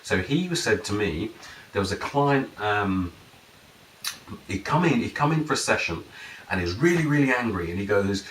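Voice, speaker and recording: A man talks about his methods in a loose, rambling flow, now and then jumping up in pitch to act out the dialogue with his client. The sound is roomy and set back from the mic, with a faint hiss underneath. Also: expressive, normal speed, fairly bright tone. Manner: rambling, acts out client dialogue in raised voices. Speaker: NLP and hypnosis practitioner. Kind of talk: casual explanatory talk. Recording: roomy echo, mic at a distance, faint noise.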